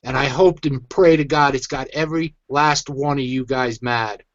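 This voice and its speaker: A man's voice: mid-range voice, steady tone, normal speed, dry recording, dull audio. Angry man venting on his show. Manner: agitated, venting, emphatic. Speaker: online show host. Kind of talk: angry ranting commentary.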